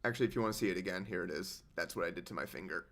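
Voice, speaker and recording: A man's voice: low voice, rapid-fire, gravelly, a bit bright. A young man hosting a casual livestream, rambling and sarcastic as he answers chat. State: injured hand. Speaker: livestream host.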